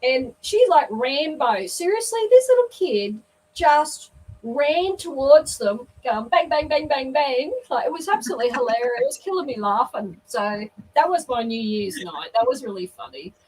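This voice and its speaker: An older Australian woman telling a lively story in casual chat on a video call, laughing often. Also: high voice, moderate pace. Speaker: guest. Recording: distant mic, faint background noise.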